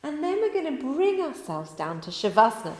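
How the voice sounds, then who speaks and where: A woman teaching a gentle beginner yoga class, giving chatty, rambling cues in an easygoing way. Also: high-pitched, big pitch swings, fairly quick. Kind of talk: guided yoga instruction. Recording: echoey room with long reverb.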